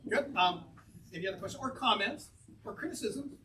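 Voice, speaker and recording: Poet from North Carolina answering audience questions in a bookstore, slightly high voice, chuckles often, distant noisy recording. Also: male voice, expressive, a little fast. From North Carolina, USA. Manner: anecdotal and rambling, chuckling often. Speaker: poet presenting his book. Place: bookstore event room. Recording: distant mic, noisy room.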